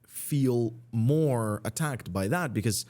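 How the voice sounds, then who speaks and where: A young man in casual podcast chat, explaining at length in a relaxed way with frequent fillers. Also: medium pitch, takes it slowly. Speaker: podcast guest.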